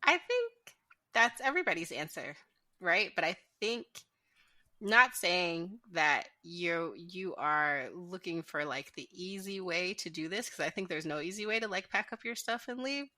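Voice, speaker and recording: A woman's voice: on the low side, animated, unhurried, pushed and bright, dry recording, studio quality. A woman hosting a podcast in casual conversation, rambling with lots of "like" and restarts. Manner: rambling, many "like" fillers and restarts. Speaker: podcast host.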